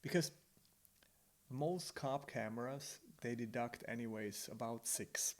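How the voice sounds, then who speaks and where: A man's voice: medium pitch, slow. A middle-aged man from Switzerland, a podcast guest, telling stories in casual chat and repeating words as he goes. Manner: animated storytelling, repeats words.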